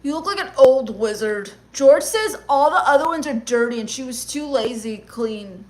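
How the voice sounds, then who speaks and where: A woman with a high voice reads chat messages on a comedy livestream. She answers them with sarcastic, gloomy, mock-goth rants. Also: lively intonation, normal speed, a little mellow.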